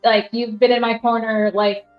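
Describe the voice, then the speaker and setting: A woman's voice: on the high side, flat delivery, moderate pace, soft background music. A young woman hosting a casual livestream, rambling with lots of fillers and reading chat aloud from a rented apartment. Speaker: livestream host. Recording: roomy, slightly dull sound.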